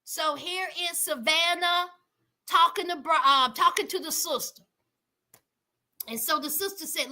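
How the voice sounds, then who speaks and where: Very high, bright-voiced sassy woman. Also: lively intonation, moderate pace. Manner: sassy, gossipy and emphatic, repeats phrases for effect. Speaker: reality TV recap host. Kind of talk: casual recap commentary.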